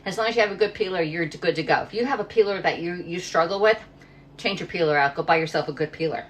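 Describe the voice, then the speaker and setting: A woman's voice: fairly low pitch, fast talker. A middle-aged woman from Pennsylvania chatting casually while cooking in her home kitchen, rambling and reading viewer comments aloud. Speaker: livestream cooking host.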